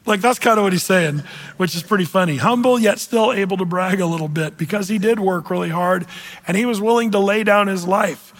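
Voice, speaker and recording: A male pastor delivers a sermon in an easygoing, conversational manner. His voice sits high for a man. It rings out with a long reverb through a church sanctuary. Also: brisk. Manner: casual, conversational preaching with fillers.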